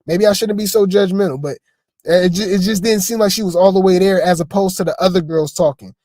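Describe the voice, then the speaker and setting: A man's voice: high voice, a little fast, warm tone, no echo, studio quality. Chatty man reacting to clips. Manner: chatty, stammering, rhetorical asides to viewers. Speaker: commentary host. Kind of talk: casual reaction commentary.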